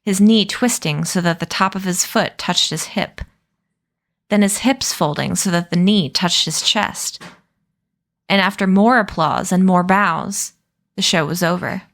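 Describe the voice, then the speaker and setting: A woman reading a novel aloud as a storyteller, in a calm, steady manner. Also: fairly low pitch, unhurried.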